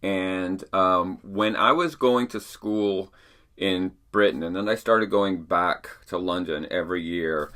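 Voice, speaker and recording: A man's voice: low voice, takes it slowly, fairly bright tone, smooth. A middle-aged man hosting a show from his attic, telling stories in a chatty, rambling way with fillers and restarts. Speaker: podcast host. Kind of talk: casual storytelling. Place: home attic.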